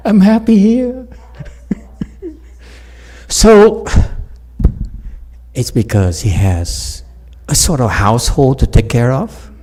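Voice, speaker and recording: A man with a husky voice gives a relaxed dharma talk as a Buddhist teacher. He jokes, laughs often and calls out to his listeners, and his pitch leaps up and down. He takes his time, speaking slowly. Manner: jokey, laughs often, talks straight to listeners. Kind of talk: informal dharma talk with storytelling.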